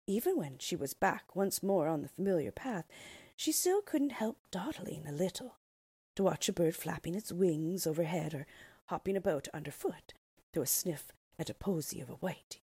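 Breathy woman reading a fairy tale. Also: on the low side, no echo. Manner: expressive, dips into soft whispers. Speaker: narrator. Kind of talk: storybook read-aloud.

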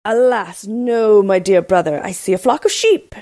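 A woman's voice: medium pitch, normal speed, warm tone, no room sound, studio quality, lightly acted. A woman voicing a young brother who calls down reports from a tower in a raised voice. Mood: calling out. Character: young brother keeping watch atop a tower.

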